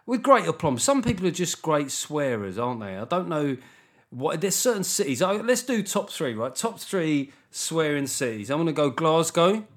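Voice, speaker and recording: A man's voice: a little high, big pitch swings, normal speed. A middle-aged man with a Southern English accent, hosting a solo comedy podcast, riffing loosely and swearing freely. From England. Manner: swears freely, riffs with mock voices. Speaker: podcast host.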